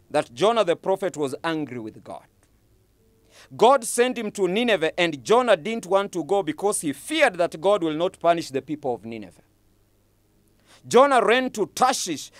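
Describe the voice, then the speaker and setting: Emphatic preacher with lively pitch. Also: male voice, dry recording. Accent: Kenyan English. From Kenya. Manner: emphatic preaching with repeated phrases. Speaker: pastor. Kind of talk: sermon.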